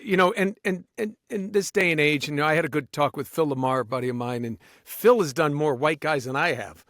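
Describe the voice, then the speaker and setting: Man, voice actor guest, animated, slightly high voice, dry close sound. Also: dry recording. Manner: animated, drops into quick character voices. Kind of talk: casual podcast conversation.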